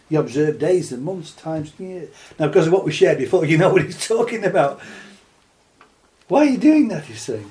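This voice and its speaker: Impassioned male preacher, fairly high voice. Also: a little mellow. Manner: reads scripture slowly, then rises to impassioned exhortation. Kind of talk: sermon, Bible teaching.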